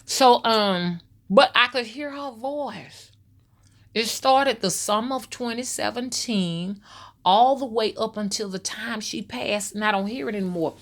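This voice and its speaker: A woman's voice: fairly high pitch, unhurried. A woman, a spiritual rootworker talking loosely and directly to her viewers. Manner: loose, storytelling, addresses viewers as y'all. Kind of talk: casual spoken monologue to viewers.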